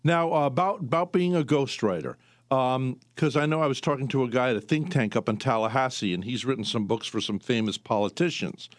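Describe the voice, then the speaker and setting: A man hosts an interview and asks long, winding questions, restarting himself and adding fillers. His voice is recorded dry and close, with no room sound, and it sits at an ordinary pitch. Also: a little fast, no room sound. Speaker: interview host. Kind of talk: conversational interview.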